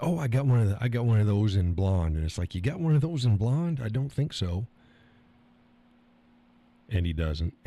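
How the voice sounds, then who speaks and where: Low and warm with a breathy edge, a middle-aged streamer's voice carries a casual broadcast. Reading out the chat, he jokes crudely and keeps laughing as he talks.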